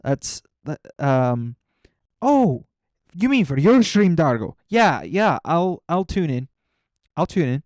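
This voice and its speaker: A young man talks casually to his live-stream audience, rambling and answering chat messages as they come in. His voice has a gravelly edge to it. The sound is dry and close, with no room echo. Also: a little high, big pitch swings, slow pace, darkish tone. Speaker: gaming streamer.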